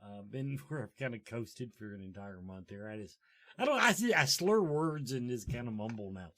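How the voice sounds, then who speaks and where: A man hosting a casual talk show, joking and rambling in a loose, animated way. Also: medium pitch, normal speed. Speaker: show host. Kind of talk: casual chat.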